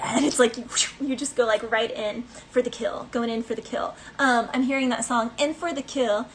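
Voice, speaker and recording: A woman's voice: on the high side, a little fast, slight background noise, rough recording. A woman giving a casual collective tarot reading, chatty and rambling, with many fillers and snatches of song. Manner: breaks into bits of song. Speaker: tarot reader.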